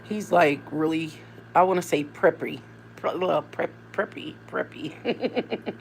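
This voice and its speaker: A woman's voice: low voice, a little slow, vocal fry, a little hiss or hum. A woman vlogger and mother talking casually to her viewers, rambling from one thought to the next. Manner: rambling, conversational, animated asides. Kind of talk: casual chat to camera.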